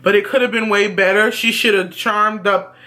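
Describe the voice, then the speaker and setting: A man rants bluntly through a review vlog, swearing freely. His voice sits fairly high and sounds bright and sharp. The delivery is animated and profane. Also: moderate pace. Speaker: YouTube reviewer.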